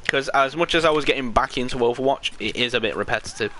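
Bright-voiced British gaming streamer. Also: male voice, mid-range voice, quick pace. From Britain. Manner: joking, laughs often, rambling asides. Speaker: game streamer. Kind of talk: casual live gameplay chat.

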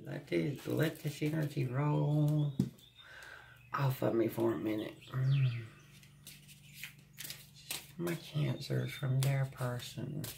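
A tarot reader talking viewers through a heartfelt card reading at an unhurried, drawn-out pace. The voice carries a gravelly fry, broken up by soft hums and sighs. The delivery is tender and close to tears. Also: medium pitch, slight background noise. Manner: slow, gentle, often humming and sighing; speaks with emotion, close to tears at times.

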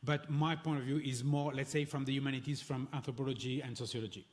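A man with a French accent, a Dominican friar speaking as a guest on a panel in a measured, hesitant way with many fillers. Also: mid-range voice, steady tone. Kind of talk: panel discussion.

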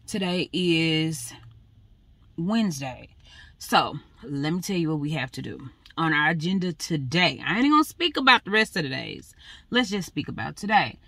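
Chatty woman with a lowish voice. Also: expressive, normal speed, gravelly, a bit bright, dry recording. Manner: chatty, talks straight to viewers with "y'all". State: pregnant; out of breath. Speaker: vlogger. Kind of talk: casual vlog chat.

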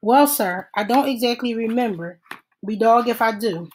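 A woman's voice: on the high side, moderate pace, a little mellow, slight background noise, lightly acted. Woman voicing a huge weeping man, thick-voiced. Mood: tearful, meek. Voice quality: thick, tear-choked. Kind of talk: audiobook read-aloud.

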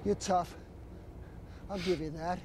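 A man's voice: high-pitched, fairly even intonation, takes it slowly, a little mellow. An actor playing a brash young man itching for a fight, taunting with swagger, in film audio with background noise.

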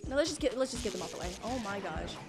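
Her medium-pitched voice has lively intonation and moves very fast as a young woman live-streams a game. She panics, exclaims and begs the game during her commentary, with game music in the background.

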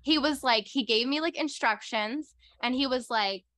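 Young woman, podcast co-host, chatty, excitable, rambling, says "like" a lot, crisp bright tone. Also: sits high, normal speed, no echo. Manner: rambling and excitable, heavy use of "like". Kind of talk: casual storytelling chat.

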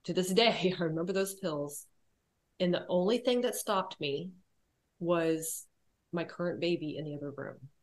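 A woman telling her personal story as a podcast guest, quiet and reflective, hesitating often with fillers and restarts. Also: lowish voice, moderate pace.

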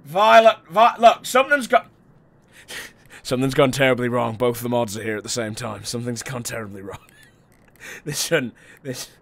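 A man streaming a horror game, his voice hoarse and strained from overuse, rambling and laughing between bits of chat with viewers. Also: medium pitch, expressive, normal speed, fairly bright tone. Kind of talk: casual gameplay livestream chat.

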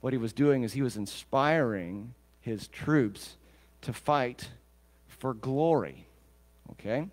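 Brief: male pastor at a mid pitch, preaching casually with humorous asides and questions to the room, long church reverb. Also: expressive, a little slow. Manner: conversational, joking asides, questions the congregation. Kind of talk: sermon.

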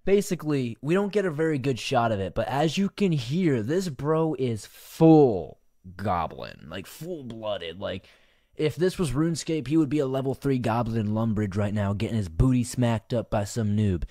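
A man's voice: medium pitch, animated, normal speed, dark tone. A man commentating over video footage, his voice bouncing animatedly up and down as he swears in disbelief and laughs often. The sound is dry and close, with no room echo. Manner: incredulous, profane, laughs often. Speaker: commentary channel host. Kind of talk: reacting to and narrating an online clip.

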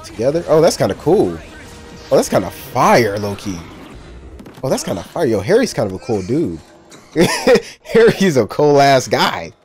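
A man's voice: medium pitch, huge pitch swings, a little slow, a little mellow, soft background music. A young man casually reacting to a movie, talking in loose slang, cursing and laughing a lot.

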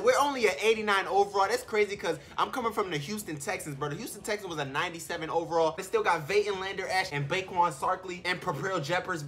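Brief: excitable gaming host, bright tone, loud slangy play-by-play with shouting. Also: male voice, high-pitched. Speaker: gaming YouTuber. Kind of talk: hyped game commentary.

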